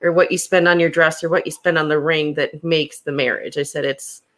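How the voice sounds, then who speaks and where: A young woman hosting a podcast, telling personal stories in a casual, animated way and laughing often. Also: low-pitched, brisk. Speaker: podcast host. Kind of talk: casual storytelling chat.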